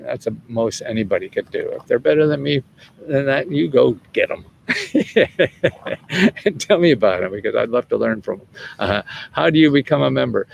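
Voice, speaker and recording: Gravelly and mid-range, this man's voice comes through with slight background noise. He's in his seventies, hosting a laid-back livestream where he rambles through viewer questions on government money, chuckling and cursing freely.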